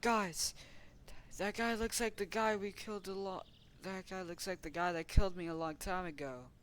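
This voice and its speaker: A man's voice: sits high, steady tone, moderate pace, fairly bright tone, voice pushed up. A man voicing a vengeful male animatronic bear, speaking in a raised, urgent voice. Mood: alarmed. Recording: noisy home recording.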